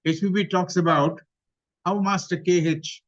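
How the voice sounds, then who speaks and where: A man with an Indian English accent gives a study-class talk, in a measured way that recaps and repeats points. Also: high-pitched, steady tone. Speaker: lecturer on theosophy. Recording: dull lo-fi recording.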